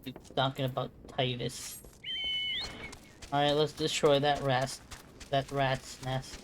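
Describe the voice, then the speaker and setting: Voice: medium pitch, flat delivery, slow pace, noisy background. A streamer giving casual gameplay commentary, chatty and full of joking asides.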